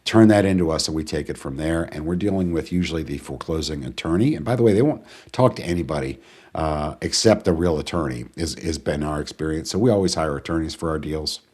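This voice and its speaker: Male webinar host, very low voice, casual and rambling, chats with the audience. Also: quick pace, a little mellow, slightly rough. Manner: chatty, rambling, greets viewers and answers chat questions. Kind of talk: casual live webinar talk.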